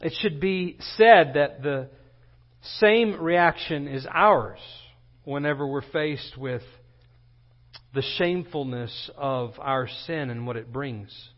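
A man's voice: on the high side, slow pace. A pastor preaching a sermon, his intensity rising as he acts out quoted lines. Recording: dull lo-fi recording.

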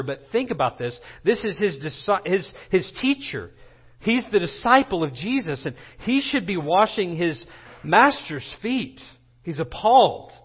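Higher-pitched preaching man on lo-fi audio. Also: big pitch swings, normal speed, slightly rough. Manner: preaches with rising intensity, dramatizing quoted lines. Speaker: pastor. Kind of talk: sermon. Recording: dull lo-fi recording.

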